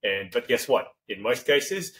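A man hosting a podcast, talking in a rambling, animated way and acting out example lines. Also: medium pitch, unhurried, a little hiss or hum, rough recording. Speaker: podcast host. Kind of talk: casual interview chat.

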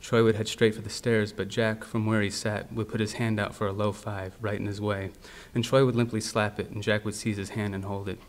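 A man with a somewhat low voice reads his own literary prose aloud at a university library event. His delivery is steady and measured, and he keeps the dialogue quiet and understated. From United States. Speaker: author reading his fiction.

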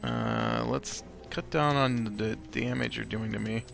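A man's voice: mid-range voice, fairly even intonation, a little slow, gravelly, music in the background. A man hosting a let's play, giving casual gameplay commentary in a chatty way, reacting aloud to the game and laughing often.

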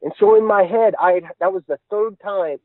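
A fairly high-voiced man tells his story with earnest urgency, stringing moments together in long run-on chains. He comes through a thin, narrow phone line with a dry, close sound. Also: fairly quick, no echo. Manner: earnest, tumbling run-on retelling. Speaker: guest recounting an encounter. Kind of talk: casual storytelling.

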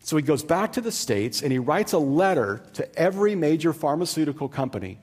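A male pastor tells a story from the pulpit in a relaxed, conversational way. He drops in casual asides as he goes. His voice sits slightly higher than most men's. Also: a little fast, husky, in a large hall. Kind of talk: storytelling sermon.

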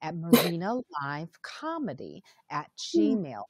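A woman's voice: on the low side, wildly swooping pitch, takes it slowly, no room sound, clean studio sound. A woman hosting a casual live-stream chat, chatting loosely and reading out viewer comments as they come in. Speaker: podcast host.

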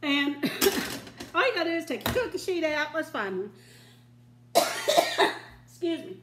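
A woman's voice: sits high, big pitch swings, unhurried, reverberant, heavy background noise. An older woman hosting a home cooking show, chatting in a folksy way and giggling often. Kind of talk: casual home cooking demonstration. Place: home kitchen.

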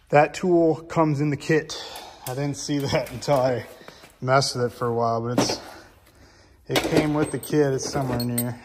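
A man casually talking through a car part install, excitable and blunt. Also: medium pitch, big-room sound. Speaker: car vlogger. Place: garage.

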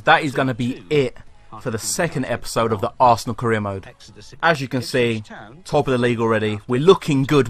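A young man commentating on his own football video game, excitable and swearing, shouting at his players. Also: mid-range voice. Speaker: gaming commentator.

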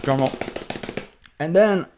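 A man's voice: fairly high pitch, slow, background noise. A man teaching the Bible in a playful, theatrical way, repeating his key points with emphasis and telling stories with mock drama. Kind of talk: humorous Bible teaching monologue.

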